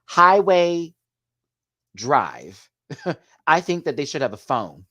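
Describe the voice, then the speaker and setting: A man giving a sassy, animated live video review of a drag competition show, laughing often as he talks. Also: on the high side, very slow, long pauses, dry recording, studio quality.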